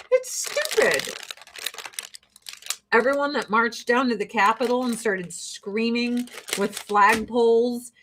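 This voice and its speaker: A woman's voice: on the high side, fairly bright tone. A woman host ranting bluntly and with lots of profanity in a casual, exasperated opinion monologue.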